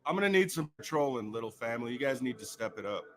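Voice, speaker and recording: A man's voice: medium pitch, expressive, fast talker. A man hosting a livestream, trading crude insults and taunts with a caller and his viewers. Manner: profane, taunting, repetitive. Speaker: livestream host.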